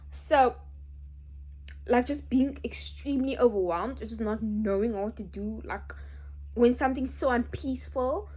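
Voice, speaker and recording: Emphatic young woman vlogger. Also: fairly high pitch. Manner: emphatic, animated, addresses viewers as guys. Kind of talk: casual chat to camera.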